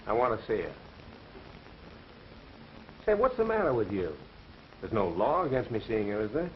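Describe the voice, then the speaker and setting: An actor playing a newspaper reporter in 1930s film acting, with breezy, wisecracking banter. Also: male voice, fairly low pitch, very animated, fast, slight background noise. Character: wisecracking young male college reporter. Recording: dull, lo-fi old film soundtrack.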